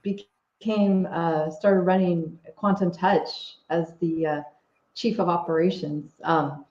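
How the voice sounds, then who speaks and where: A woman's voice: fairly low pitch, fairly even intonation, takes it slowly, darkish tone. A woman guest talking casually in an interview, hesitant, with many fillers and restarts. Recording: echoey, slightly dull audio.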